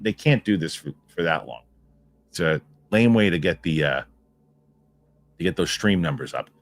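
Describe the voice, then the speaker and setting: Low-voiced man rambling on a live stream. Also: no room sound. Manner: rambling, repeats himself, reacts to chat comments. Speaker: host of a film news live stream. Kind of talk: casual live-stream commentary.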